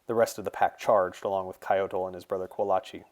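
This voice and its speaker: A man, the author, reading his fantasy novel in a steady, measured storytelling voice. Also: deep voice. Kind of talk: audiobook narration.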